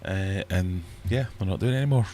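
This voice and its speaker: Here a middle-aged livestream host talks in a low, dark-toned voice at a brisk clip, and a little hiss or hum can be heard. He's chatting casually from a small, warm fish room in his home, rambling and self-deprecating.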